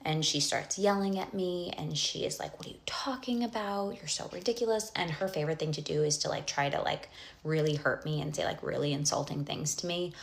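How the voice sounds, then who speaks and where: A woman's voice: low voice, fairly even intonation, a little fast, vocal fry. A young woman telling a personal story in casual storytime style, rambling with lots of fillers and restarts, and often dropping to a whisper for asides.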